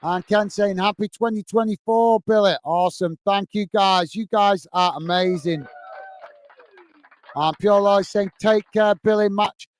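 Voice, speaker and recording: High, smooth-voiced man hosting a livestream. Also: fairly even intonation, measured pace. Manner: friendly, chatty, many "uh"s and "mate"s. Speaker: football channel host. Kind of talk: casual livestream chat, reading viewer comments.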